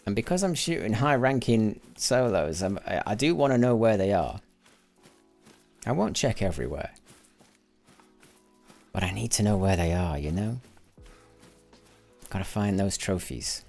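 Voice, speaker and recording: A man's voice: on the low side, sing-song, unhurried, creaky, pauses often, darkish tone, soft background music. A man giving casual live commentary while playing a game, rambling and correcting himself as he goes, sometimes muttering to himself. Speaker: gaming livestreamer.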